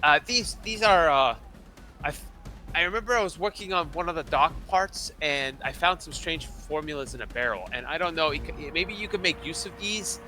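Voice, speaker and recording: A man's voice: on the high side, normal speed, sharp tone. A small, nervous kobold dock worker in a tabletop game, as a game master puts him on. He stammers and hesitates, his voice lifted somewhat above the narrator's own. Faint music plays behind. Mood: hesitant.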